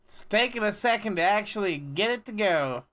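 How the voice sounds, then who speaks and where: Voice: mid-range voice, lively intonation, normal speed, a bit bright. A streamer casually reacting to a text adventure, making crude, offhand remarks. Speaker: streamer playing the game.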